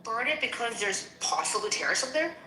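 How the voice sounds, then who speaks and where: A woman in casual, heated conversation, animated and indignant, acting out both sides of a quarrel she is retelling. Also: on the high side, brisk. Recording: echoey room with faint noise.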